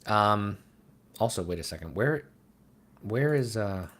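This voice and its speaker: A man's voice: lowish voice, animated, unhurried, fairly bright tone. Flustered man muttering while he works. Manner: rambling, self-deprecating, flustered muttering. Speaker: web design streamer. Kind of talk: live-stream commentary while working.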